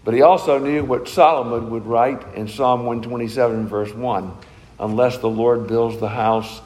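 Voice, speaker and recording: A man's voice: mid-range voice, fairly even intonation, normal speed, darkish tone, big-room sound, low-quality recording. A man preaching a sermon in an earnest, emphatic way, asking rhetorical questions. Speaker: pastor.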